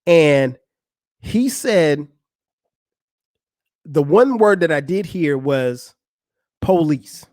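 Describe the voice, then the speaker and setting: Speaking extremely slowly with frequent pauses, this podcast host tells a funny tale as a monologue, his slightly high voice animated and profane. He voices what other people said in a relaxed style. The recording is dry and the studio sound clean.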